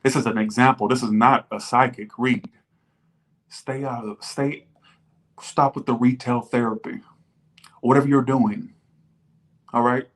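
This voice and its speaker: A man's voice: medium pitch, fairly even intonation, a little slow, pauses often. A man reading tarot for his viewers in a loose, chatty way. He is blunt and swears freely, and he keeps breaking into mock back-and-forths with imagined viewers. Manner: blunt, profane, jumps into mocking imagined viewers. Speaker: tarot reader. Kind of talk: casual tarot reading livestream.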